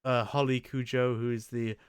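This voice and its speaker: A man's voice: mid-range voice, little pitch movement, moderate pace, clear, resonant tone, no echo, studio quality. A man hosting a casual chat, rambling and crude with frequent restarts. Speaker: show host. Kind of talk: casual chat ranking anime.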